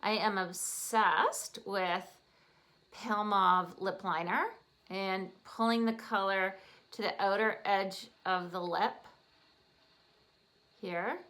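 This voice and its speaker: This makeup artist has a medium-pitched, fairly bright voice and a Canadian accent. She keeps up cheerful, casual chatter as she puts on makeup for a tutorial.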